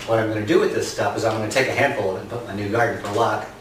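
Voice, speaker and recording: A man's voice: fairly low pitch, very fast, fairly bright tone, a little hiss or hum. A man chatting and joking straight to his viewers as a gardening vlogger, at home. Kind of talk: casual chat to camera. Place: indoors at home. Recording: echoey room, mic far off.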